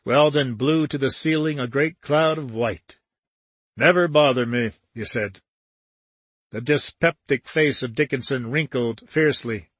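A man reading a novel aloud as an audiobook narrator, steady and even. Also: mid-range voice, a little slow, breathy edge, dry recording.

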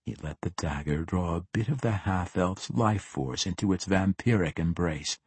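A man narrating a fantasy audiobook in a steady, dramatic reading. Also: deep voice, normal speed, slightly rough, no echo.

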